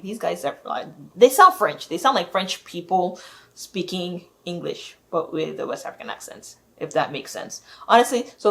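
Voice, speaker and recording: A woman vlogger in a casual, exasperated rant, rambling and filling her talk with "like". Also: on the low side. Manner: exasperated, rambling, heavy use of "like".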